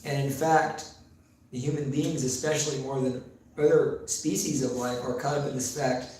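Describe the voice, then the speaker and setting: A man preaching in a temple hall at a mid pitch, unhurried and storytelling, with pauses and fillers. His voice booms with heavy echo, picked up from far off, and a faint hiss sits underneath. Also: steady tone, a little mellow. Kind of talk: sermon. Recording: very echoey room, mic far off, faint noise.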